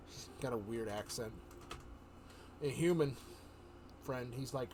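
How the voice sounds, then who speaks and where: A man on a livestream telling a story in a loose, rambling way, often correcting himself and slipping into quick voices for the characters. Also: medium pitch, background noise. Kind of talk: casual storytelling chat.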